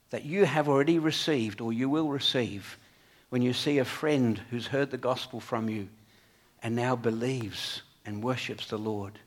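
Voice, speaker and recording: A man preaches a sermon earnestly, swinging between emphatic peaks and quiet, low passages.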